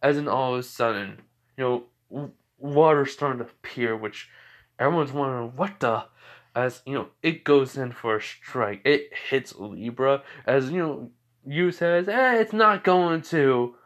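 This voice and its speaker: A man's voice: medium pitch, moderate pace. Male narrator, casual fan-story recap, rambling with fillers and self-corrections.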